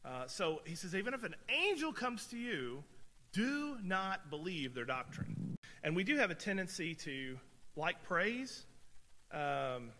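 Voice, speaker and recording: A male preacher with a high, bright, ringing voice delivers a conversational sermon. He stresses points by repeating words, and his voice trails off into a long reverb that fills the church hall. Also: big pitch swings, measured pace. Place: church sanctuary.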